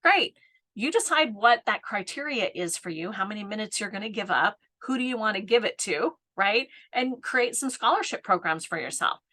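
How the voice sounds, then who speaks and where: A woman's voice: medium pitch, lively intonation, moderate pace, sharp tone. A woman in her fifties giving a casual live coaching talk, laughing often and tagging her points with "right?". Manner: chatty, laughs often, keeps asking "right?". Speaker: business coach.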